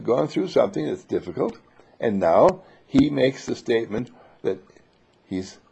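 A man giving an inspirational spiritual talk, animated and breaking into laughs, acting out the voices he quotes. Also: mid-range voice, creaky, slightly rough. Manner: laughs between phrases. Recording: dull lo-fi recording.

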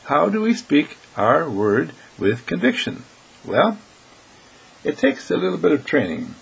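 Gravelly, husky man giving an animated inspirational talk. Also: on the high side, measured pace, poor audio. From United States. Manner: emphatic and repetitive, acting out listeners' questions with bursts of excitement.

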